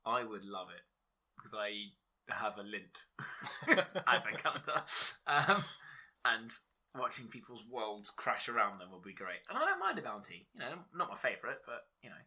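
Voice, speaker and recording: A man co-hosting a casual podcast, swearing often and laughing through animated banter. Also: lowish voice, normal speed, breathy edge. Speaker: podcast co-host.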